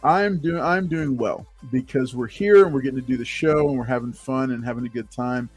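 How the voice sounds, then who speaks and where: A man's voice: medium pitch, a little fast, husky, soft background music. A man hosting a casual livestream talk show, upbeat and chatty, greeting viewers from the chat. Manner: upbeat, reads chat names aloud, many fillers.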